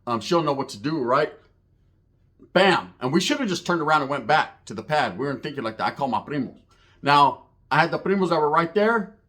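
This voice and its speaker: A man's voice: a little high, animated, a little fast, pushed and bright. A middle-aged man casually telling a story to camera, full of street slang and profanity, tagging lines with "right?" and acting out what others said.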